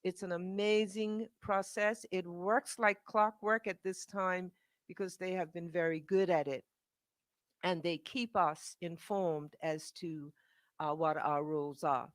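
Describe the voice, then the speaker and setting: A woman's voice: fairly low pitch, fairly even intonation, measured pace, no echo, studio quality. Bermudian woman speaking at a press conference. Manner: unscripted, fillers and restarts. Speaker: charity executive director.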